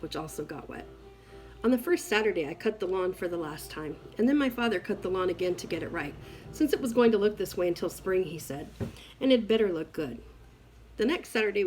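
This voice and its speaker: A woman's voice: on the low side, low-quality recording. Woman reading a novel aloud. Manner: expressive, first-person storytelling. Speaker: reader.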